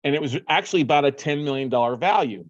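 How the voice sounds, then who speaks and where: Animated man telling a story. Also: a little high, fast talker, no room sound, lo-fi sound. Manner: animated, acts out his own phone calls. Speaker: podcast host. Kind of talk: casual storytelling.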